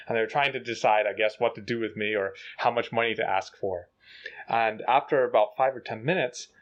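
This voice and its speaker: A young man tells a story in relaxed chat. He acts out the people in it with animated, rapid voices, at an average pitch. The sound is dull and lo-fi. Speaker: co-host telling a story.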